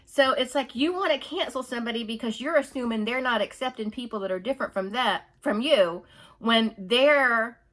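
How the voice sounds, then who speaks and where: A woman's voice: on the high side, normal speed, a bit bright. A woman ranting in a casual opinion monologue, rambling and exasperated, mocking others with whiny put-on voices. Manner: rambling, exasperated, laughs while telling stories. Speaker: vlogger.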